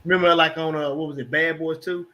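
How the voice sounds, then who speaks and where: A man's voice: fairly high pitch, fairly even intonation, fast, pushed and bright. A man hosting a casual panel talk, explaining earnestly and acting out everyday exchanges. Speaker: host.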